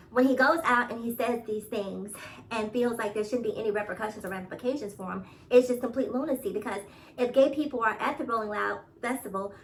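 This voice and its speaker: An emphatic New York woman vlogs casual opinion commentary, repeating her points and laughing often. Her voice is on the high side and a bit bright, picked up by a slightly distant mic.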